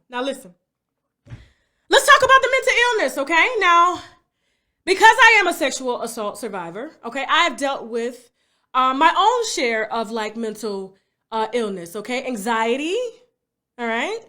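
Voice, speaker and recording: Brief: high-voiced woman host, animated rant full of tag questions. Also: normal speed, long pauses. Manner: animated, repeats tag questions like "okay?" and "you understand?". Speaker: YouTube commentary host. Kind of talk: livestream rant to viewers.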